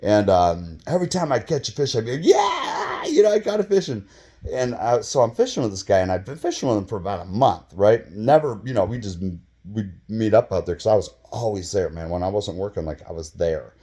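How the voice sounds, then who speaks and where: A man in his fifties telling a casual story, rambling and profane, with many fillers and sudden bursts of excitement. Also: lowish voice, brisk. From Michigan, US. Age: 50s. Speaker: vlogger telling his own stories.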